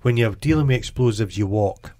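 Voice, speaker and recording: A man's voice: on the low side, fairly quick, dark tone, dry recording. A Scottish man co-hosting a podcast, chatting casually and crudely about a film, joking and putting on silly voices. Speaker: podcast co-host. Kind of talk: casual film review chat.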